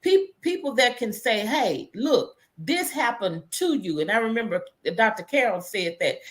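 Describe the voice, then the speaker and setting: This is a woman host in a conversational interview. Her voice sits on the high side, and she speaks in an earnest, reflective way, often restarting a phrase before finishing her thought. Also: big pitch swings, normal speed, hardly any pauses.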